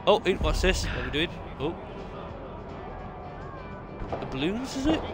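Excitable man streaming a game. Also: high-pitched, measured pace, music in the background. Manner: excitable, joking, swears a lot. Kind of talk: live gameplay commentary.

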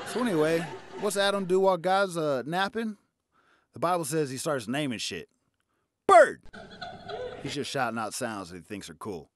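A man's voice: fairly high pitch, brisk, a little hiss or hum. A man doing a stand-up routine, sarcastic and profane. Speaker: stand-up comedian.

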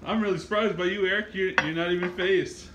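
A man hosting a hot sauce challenge among friends, teasing and excitable in casual banter. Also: high-pitched, quick pace, highs cut off. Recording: echoey room with faint noise.

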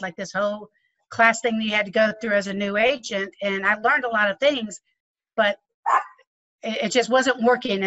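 A woman's voice: mid-range voice, pushed and bright. A middle-aged woman real estate agent answers interview questions frankly and matter-of-factly. Her voice comes through a dull, muffled lo-fi recording. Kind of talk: testimonial interview.

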